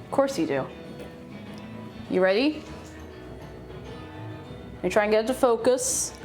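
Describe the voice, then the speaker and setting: An Irish woman streaming from her home kitchen, chatty and playful as she reads out chat messages. Her voice sits fairly high and swings up and down a great deal. Faint music plays behind her. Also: animated, measured pace, darkish tone. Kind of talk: casual cooking livestream chat.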